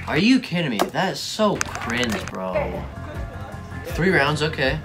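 A man's voice: fairly high pitch, big pitch swings, takes it slowly, over loud music. A young man giving casual reaction commentary, slangy, mocking and easily exasperated. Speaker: video reactor.

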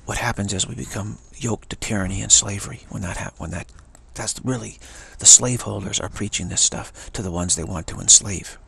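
A man's voice: fairly low pitch, a little fast, hardly any pauses, pushed and bright. A man giving an emphatic spiritual talk, often repeating and restarting words. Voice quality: gravelly and husky. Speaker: spiritual teacher.

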